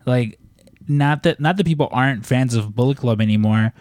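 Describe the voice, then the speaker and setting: Brief: male podcast co-host, mid pitch, loose storyteller who swears, dry room. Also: normal speed, darkish tone, no echo. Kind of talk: casual chat.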